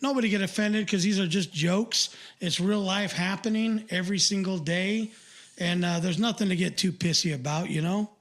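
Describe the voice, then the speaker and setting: Older man, high voice, casual podcast co-host, rambling, loose talk. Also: normal speed. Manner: rambling, lots of filler and restarts.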